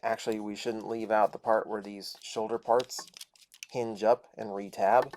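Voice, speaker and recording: A man's voice: lowish voice, level tone, measured pace, darkish tone, a little hiss or hum. A man casually reviewing a toy, chatting and thinking aloud as he transforms it step by step.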